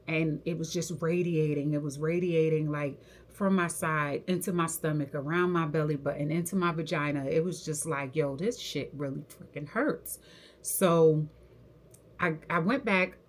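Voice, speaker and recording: A young adult woman, a hair stylist, casually telling a personal story to camera in a slangy, animated way and acting out what people said. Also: low-pitched.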